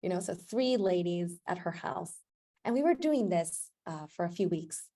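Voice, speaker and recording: A woman with a low-pitched voice tells a story on a podcast, lively and expressive. She is a yoga instructor and chats casually, and she often acts out the voices of the people in her story. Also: moderate pace. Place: podcast recording.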